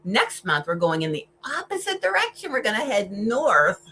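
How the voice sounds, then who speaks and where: A woman hosting her own channel, talking through favorite horror films in an enthusiastic, emphatic way, swinging between loud stresses and hushed asides. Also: medium pitch, wildly swooping pitch, normal speed, a little hiss or hum, rough recording. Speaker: horror film vlogger. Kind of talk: casual film commentary.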